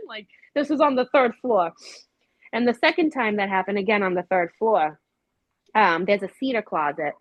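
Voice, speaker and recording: Woman, casual storyteller with lots of ums, lively quoted voices, dry recording. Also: mid-range voice, a little fast, no room sound, rough recording. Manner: animated, acts out quoted voices with many fillers. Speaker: paranormal investigator.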